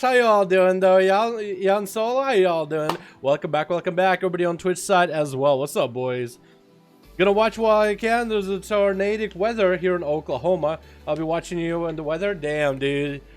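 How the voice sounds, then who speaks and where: A man chatting casually on a game livestream, loose and profane, telling stories with animated swings in energy. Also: sits high. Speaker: game streamer. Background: faint background music.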